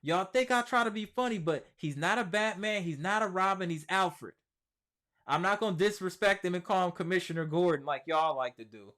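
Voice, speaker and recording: Talking briskly in a somewhat high voice, a man hosts a casual sports show streamed live. He reads out viewer comments and responds with animated slang, restating his points for emphasis.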